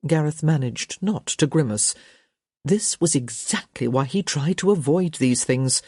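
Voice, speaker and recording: A woman narrating a romance audiobook with expressive storytelling. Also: low voice, unhurried, husky, no echo, clean studio sound. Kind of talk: scripted narration.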